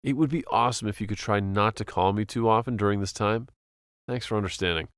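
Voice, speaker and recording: A man's voice: on the low side, quick pace, smooth, no room sound, clean studio sound, natural voice. A man voicing an exasperated young college student pushing back against his overbearing mother. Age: young adult. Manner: exasperated, pleading.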